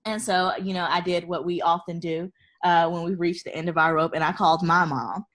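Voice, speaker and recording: A woman telling a personal story in a relaxed, chatty way. She is animated and expressive and laughs often between phrases. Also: fairly low pitch, fairly quick. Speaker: guest. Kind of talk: casual conversational storytelling.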